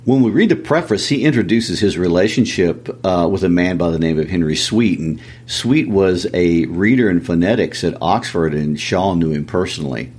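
Guy, really deep voice, laid back storyteller on a book chat. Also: animated, normal speed, few pauses, a little mellow, husky. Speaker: podcast co-host. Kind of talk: literary discussion.

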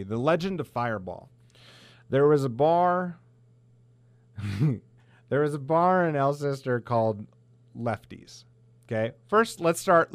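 Recorded with no echo, this medium-pitched middle-aged man from South Dakota, USA hosts a podcast. His monologue is a blunt, heated rant packed with swearing.

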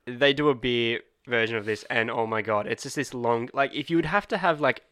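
A man's voice: mid-range voice, brisk, fairly bright tone, clean tone, no echo, studio quality. A man with an Australian accent, rambling and laughing through a casual chat as a podcast co-host.

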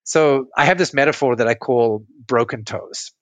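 As a podcast guest, a relationship coach patiently explains his ideas through metaphors in a conversational interview, checking whether they make sense. His voice is medium-pitched and fairly bright at a moderate pace. The audio is dull, with no room sound.

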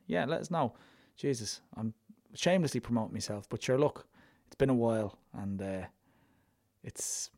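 A young man with an Irish accent and a gravelly, fry-edged voice of middle pitch. He hosts his folk music podcast in a loose, rambling way, full of fillers and joking at his own expense. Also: a little mellow. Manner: rambling, self-deprecating, lots of fillers. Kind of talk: casual podcast sign-off.

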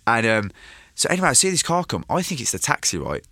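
A man's voice: medium pitch, big pitch swings, quick pace, bright, forceful tone, no room sound, clean studio sound. A man telling a long, rambling story in casual interview chat, swearing freely and slipping into voices of the people in it. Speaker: guest.

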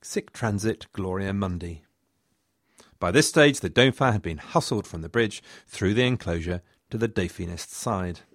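A man's voice: sits low, normal speed, dry recording, clean studio sound. A man narrating history as a podcast host, with wry, chatty asides. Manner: wry, lively storytelling with asides.

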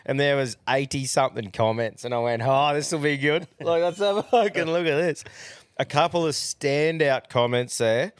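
A man's voice: medium pitch, lively intonation, normal speed, clean tone, no room sound, studio quality. A young Australian man hosting a podcast, chatting casually, swearing freely and laughing often. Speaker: podcast host. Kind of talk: casual chat.

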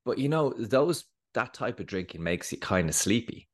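A man co-hosting a casual podcast, telling stories in a relaxed way with wry humour. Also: lowish voice, normal speed. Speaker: podcast co-host.

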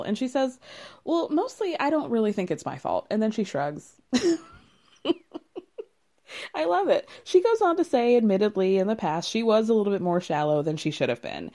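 A woman's voice: medium pitch, sing-song, normal speed, warm tone. A young woman in casual recap commentary, wry and amused, often breaking into laughter as she talks. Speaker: reality show recapper.

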